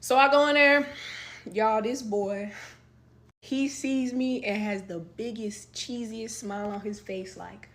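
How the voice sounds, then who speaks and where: A young woman in her twenties telling a story to her viewers in casual talk, swearing, laughing and swinging between loud outbursts and quiet asides. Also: a little high, slow pace. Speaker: storytime vlogger.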